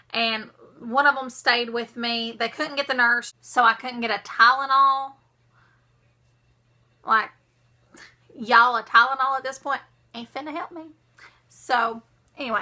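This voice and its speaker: A young woman, telling a story to her vlog viewers in a dramatic, animated way. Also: a little high. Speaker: vlogger.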